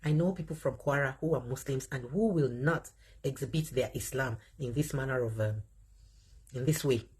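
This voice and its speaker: A Nigerian woman hosting a livestream, commenting in an animated way and reading out viewer comments as she speaks straight to her audience. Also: rumbling low, moderate pace, slightly rough. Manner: animated, talks straight to viewers, laughs often. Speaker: livestream host.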